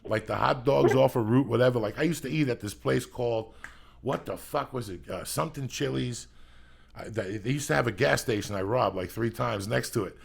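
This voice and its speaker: A man's voice: medium pitch, brisk, creaky, husky. A man, a podcast host telling rambling, profane stories in casual chat. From New Jersey.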